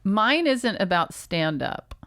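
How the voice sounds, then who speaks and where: A woman comedian and podcast co-host telling a halting, filler-heavy story while she has the hiccups. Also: medium pitch, big pitch swings, a bit bright, dry recording, studio quality. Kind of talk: casual storytelling chat.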